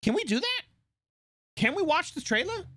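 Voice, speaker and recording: Casual live streamer with an animated, swinging pitch. Talks in loose, profane rambles full of restarts. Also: moderate pace. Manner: rambling, swears freely, frequent restarts and fillers.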